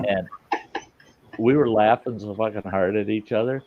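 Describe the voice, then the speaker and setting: Casting: deep-voiced middle-aged host, crude storyteller who laughs often, muffled lo-fi audio with faint hiss. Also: male voice, fairly even intonation, brisk, creaky, darkish tone. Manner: profane, laughs often while telling stories. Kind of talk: casual campfire storytelling.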